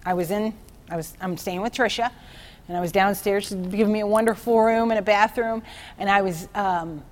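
A woman teaching from the Bible in an informal, excitable way, telling personal stories and often checking in with "okay?". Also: mid-range voice, fairly quick. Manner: excitable, chatty, keeps asking "okay?"; tells personal stories to make a point.

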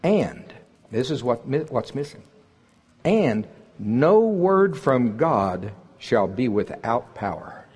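Older oklahoma guy preaching, folksy and jokey, a bit husky, big echoey hall. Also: medium pitch, sing-song, slow, a little mellow. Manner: folksy, joking, builds to emphatic peaks. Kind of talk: sermon. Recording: husky voice in a large reverberant hall.

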